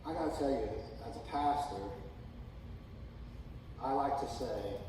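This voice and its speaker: A man's voice: medium pitch, normal speed, pauses often, a little hiss or hum. Middle-aged guy preaching in a big echoey church, mic kinda far off. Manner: reads scripture, then preaches with rising excitement and humor. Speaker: pastor. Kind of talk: sermon. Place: church sanctuary.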